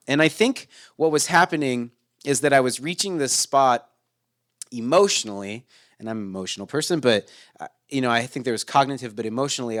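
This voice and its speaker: A man in his thirties co-hosting a casual podcast chat, reflective and rambling with many restarts. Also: medium pitch. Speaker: podcast co-host.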